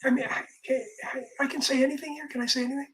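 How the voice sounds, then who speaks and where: A man's voice: very high-pitched, level tone, quick pace, a bit bright, a little hiss or hum, poor audio. A man, a music manager, telling a long casual anecdote in a rambling way, full of restarts and quoted dialogue.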